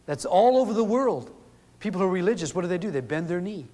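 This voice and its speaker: A man's voice: high-pitched, expressive, fast talker, dark tone. A middle-aged man telling earnest, folksy stories to an audience, acting out the quotes as he goes. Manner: earnest, folksy storyteller who acts out quotes. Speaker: speaker. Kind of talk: storytelling talk to an audience. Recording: long hall reverb.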